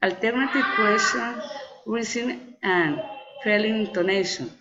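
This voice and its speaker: A woman reading English pronunciation drills slowly and carefully, word by word, as a student exercise. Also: mid-range voice, bright, forceful tone, dull audio.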